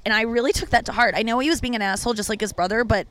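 A woman stand-up comedian tells a personal story in a loose, rambling monologue. She is frank and crude, and her sentences are full of "like" and restarts. Her voice leaps up animatedly whenever she quotes someone. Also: racing. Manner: candid, profane, heavy use of "like" fillers; animated when quoting people, with big pitch jumps.

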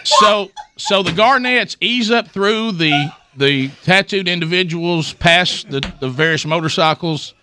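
A man, hosting talk radio and telling a funny story, animated and self-mocking. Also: high voice, unhurried, hardly any pauses, a little hiss or hum.

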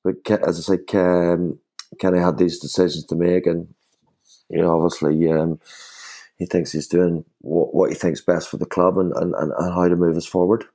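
A man speaks in a low, mellow voice. He is a former player recalling his club days in casual conversation. He rambles and restarts often, leaning on "you know.". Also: flat delivery, moderate pace. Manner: rambling with many fillers and restarts. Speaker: former footballer guest. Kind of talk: casual podcast chat.

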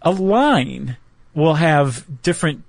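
A man's voice: on the high side, expressive, slow, gravelly, no echo. A man co-hosting a podcast, explaining step by step in a casual, joking way with frequent restarts. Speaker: podcast co-host. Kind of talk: casual educational chat.

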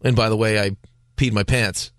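A man co-hosting a sports radio show, teasing his partner with quick interjections. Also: fairly low pitch, steady tone, no echo, studio quality. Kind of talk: casual sports radio banter.

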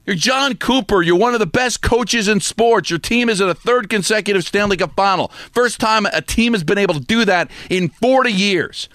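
A man's voice: high-pitched, moderate pace, few pauses, fairly bright tone, no room sound, clean studio sound. A man hosting sports talk, delivering an emphatic, scolding rant full of repetition. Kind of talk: opinionated sports radio rant.

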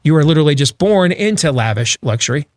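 A man's voice: a little high, expressive, fast talker, no echo. A man hosting a talk radio show, from Iowa, delivering wry, sarcastic asides between segments. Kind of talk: talk radio banter and monologue.

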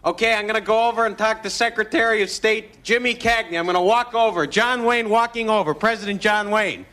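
A swaggering sketch-comedy figure, played by a man, who barks short commands in a gruff cowboy drawl. The voice sits high and bright. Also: brisk. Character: brash comic impersonating a cowboy-star president, man.

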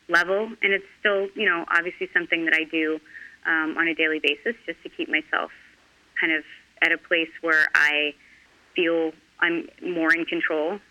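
A middle-aged woman talking candidly in an interview, earnest and halting with frequent restarts. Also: fairly low pitch, fairly even intonation, pushed and bright, rough recording. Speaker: guest.

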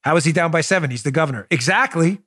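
A male talk show host with a high voice delivers political commentary. He is sarcastic and animated and speaks straight to his listeners. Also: rapid-fire. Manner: sarcastic, animated, talks to the audience directly.

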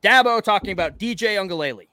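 Bright-voiced joking podcast man. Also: high-pitched, expressive, fast talker. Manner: profane, joking banter. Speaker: podcast co-host. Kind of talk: casual sports chat.

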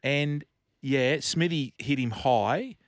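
A man's voice: medium pitch, takes it slowly, no echo, studio quality. A man co-hosting a sports podcast, bantering and laughing through stories. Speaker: podcast co-host. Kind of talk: casual chat.

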